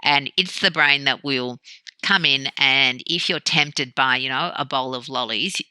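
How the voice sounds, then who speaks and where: Woman with a very bright, forceful voice. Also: very deep voice, a little slow, clean tone, no echo, poor audio. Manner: animated, acts out quoted dialogue. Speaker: podcast guest. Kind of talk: conversational interview.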